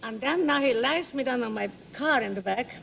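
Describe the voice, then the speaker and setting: Older Hungarian-accented woman, talk show guest; gravelly, dramatic, broken English; faint noise. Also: high voice, animated, brisk, fairly bright tone, low-quality recording. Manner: theatrical, laughing storyteller with broken English phrasing. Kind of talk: animated anecdote telling. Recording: 1980s TV studio audio with background noise.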